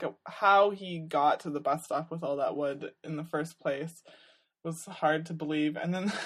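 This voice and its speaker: A young adult woman vlogging in a rambling, wry, comic monologue full of fillers and sighs. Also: lowish voice. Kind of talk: casual comedic monologue.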